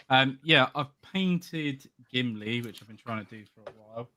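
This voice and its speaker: An easygoing man on a hobby podcast, talking through his painting in a relaxed, slightly rambling way. His pitch sits in a middle range, and the delivery is plain and conversational. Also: moderate pace, slight background noise. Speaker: podcast co-host. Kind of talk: casual chat about miniature painting.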